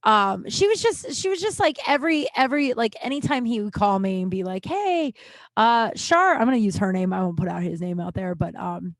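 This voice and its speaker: A woman comedian hosting her podcast, telling a story in a rambling, swearing, filler-heavy way and jumping into high, animated voices for the people she quotes. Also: quick pace, hardly any pauses, no room sound. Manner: swears freely and bluntly. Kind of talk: casual comic storytelling.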